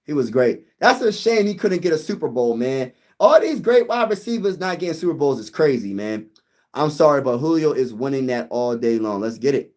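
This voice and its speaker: A young man hosting a casual sports livestream, reading comments aloud and chatting excitedly with viewers. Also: medium pitch, a little fast. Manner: excitable, talks to viewers as "y'all", sings snippets.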